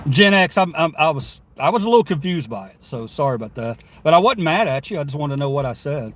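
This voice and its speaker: A man's voice: on the high side, lively intonation, fairly quick, fairly bright tone. A man live streaming from inside his car, reading viewer chat aloud and answering it in a rambling, chatty way with frequent laughs.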